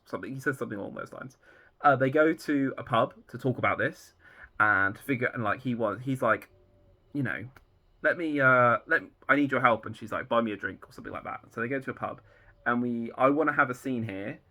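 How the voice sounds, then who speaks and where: Gravelly, sharp-toned man rambling casually. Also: medium pitch, a little fast. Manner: rambling, loose with many fillers. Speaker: fan writer outlining his own series. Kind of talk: casual plot rundown.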